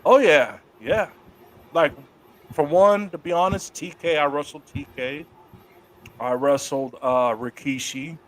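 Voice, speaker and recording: A middle-aged man telling wrestling stories in a casual interview, profane and lively. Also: on the high side, measured pace. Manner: profane, animated storyteller doing voices of others in quotes. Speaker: guest, wrestler.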